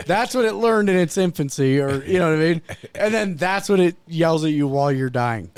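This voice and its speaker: A man's voice: on the high side, lively intonation, fairly quick, smooth. A man co-hosting a podcast in casual chat, crude and joking, often acting out other voices. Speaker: podcast co-host. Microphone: studio mic.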